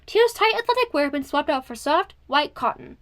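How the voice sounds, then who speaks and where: High-voiced woman reading an audiobook. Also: brisk. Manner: expressive, steady reading. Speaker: audiobook narrator.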